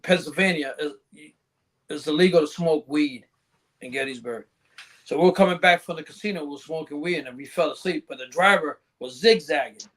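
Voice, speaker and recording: Guest spot: high-pitched man, loose swearing storyteller, casual podcast chat. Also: fairly bright tone. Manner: profane, laughing, rambling anecdotes.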